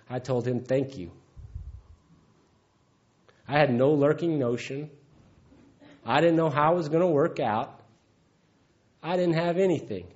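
A man's voice: mid-range voice, darkish tone. A man giving a candid, earthy personal testimony at a recovery meeting, acting out the voices of the people in his story. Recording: dull lo-fi recording.

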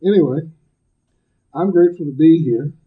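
Brief: blunt, emphatic man, slightly high voice, giving a recovery talk; loud, joking; dull lo-fi recording. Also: moderate pace. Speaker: speaker at a recovery meeting.

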